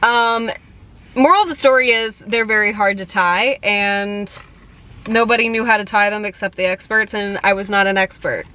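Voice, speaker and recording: A young woman talks casually to her viewers in a chatty vlog, filling her sentences with "like" and "um" and giggling. Her voice is bright and clear, at an average pitch for a woman. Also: steady tone, moderate pace. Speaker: vlogger. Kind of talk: casual fan vlog chat.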